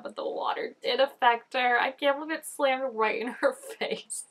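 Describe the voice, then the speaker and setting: A woman's voice: a little high, a little slow, few pauses, a bit bright. A woman reacting to a TV episode in casual commentary, exclaiming, gasping and laughing often at the screen. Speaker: TV show reactor.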